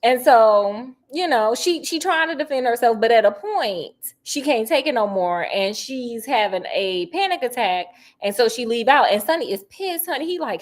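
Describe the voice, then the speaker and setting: A woman chats while cooking. Her voice sits a little high. She talks in a sassy, gossipy way, full of honey and girl. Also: expressive, moderate pace, hardly any pauses. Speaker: vlogger. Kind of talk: casual chat while cooking.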